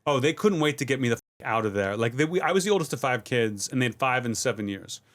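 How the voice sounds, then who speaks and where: A man's voice: medium pitch, fast talker. A middle-aged man, a comedian, chatting casually as a podcast guest and telling stories in a loose, rambling way. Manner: relaxed, rambling storytelling with many fillers.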